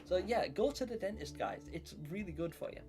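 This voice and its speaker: A man's voice: high-pitched, animated, a little fast, a little mellow. A young man hosting a live stream, chatting casually and rambling as he greets viewers by name. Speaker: livestream host. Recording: faint music behind voice.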